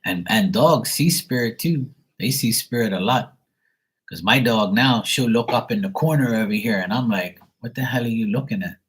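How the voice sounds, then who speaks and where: A man's voice: fairly low pitch, fairly bright tone, husky, rough recording. A man reading tarot on a livestream from home, telling rambling stories in a casual way and swearing freely. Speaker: psychic tarot reader.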